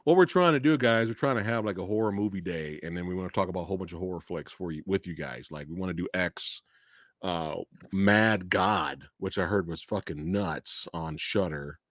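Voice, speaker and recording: A man's voice: low voice, fairly quick, no room sound. A man hosting a casual movie review stream. He rants with a lot of swearing and laughs often. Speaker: host of a movie review channel.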